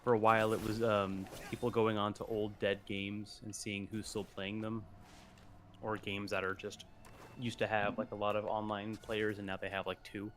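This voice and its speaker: A man's voice: on the low side, level tone, normal speed, fairly bright tone, slight background noise. A man chatting casually as a stream co-host, rambling with many fillers and restarts. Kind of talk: casual chat.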